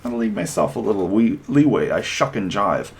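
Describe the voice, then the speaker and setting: Animated sarcastic male commentator. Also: fairly low pitch, normal speed, creaky. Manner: animated, sarcastic, mocking impressions. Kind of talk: opinionated commentary monologue.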